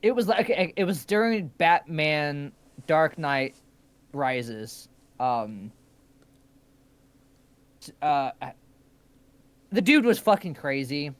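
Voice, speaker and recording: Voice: medium pitch, animated, slow pace, long pauses, clean tone, no echo. Casual, swearing chat partner.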